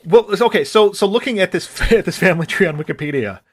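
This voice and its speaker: A man's voice: high-pitched, lively intonation, quick pace, breathy edge. A man co-hosting a podcast in casual chat, rambling and thinking aloud with restarts. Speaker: podcast co-host.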